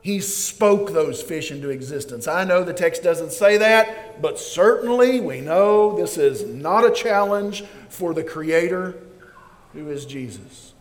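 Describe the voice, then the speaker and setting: A man preaching a sermon in a lively, joking way, acting out the scenes he describes. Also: a little high, measured pace. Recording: long reverb of a hall.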